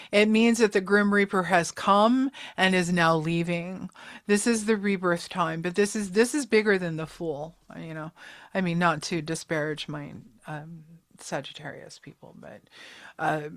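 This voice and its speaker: A woman gives a casual tarot reading straight to her viewers. She is chatty and emotional, and she wanders into side notes. She keeps calling her audience darling and sweeties. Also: lowish voice. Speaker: tarot reader.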